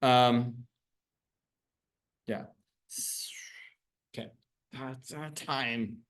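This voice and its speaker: A man's voice: mid-range voice, steady tone, very slow. A man teaching a classroom lecture on probability, explaining step by step, asking the class questions and correcting himself as he goes.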